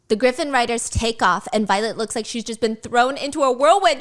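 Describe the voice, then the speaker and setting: Woman doing storytime, casual, swears a lot, slightly high voice. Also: a little fast, few pauses. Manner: animated, swearing, chatty asides.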